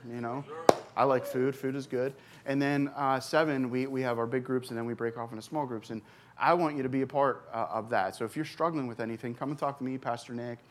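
A man in his forties, a recovery pastor, telling his personal story from a church stage, earnest and halting with many fillers and restarts. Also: medium pitch. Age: 40s.

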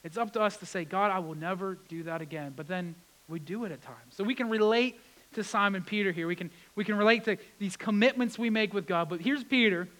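A man preaching a sermon, retelling scripture with lively acted-out quotes. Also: high-pitched, fairly quick, poor audio. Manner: animated, acts out quotes with rising intensity. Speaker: pastor.

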